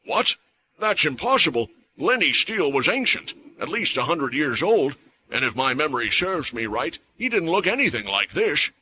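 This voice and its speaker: A man's voice: fairly high pitch, very animated, moderate pace, sharp tone, a little hiss or hum, pitched above the performer's own voice, full character voice, low-quality recording. A man voicing a blunt, mocking guard captain. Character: scornful male guard captain, blunt and dismissive.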